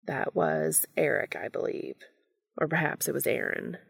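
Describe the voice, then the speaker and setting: A woman's voice: low-pitched, steady tone, moderate pace, creaky, husky, dry recording, clean studio sound, exaggerated voice. A woman murmuring as a formal, possessive creature lover. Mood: hushed, tender. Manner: soft, formal, murmuring near a whisper.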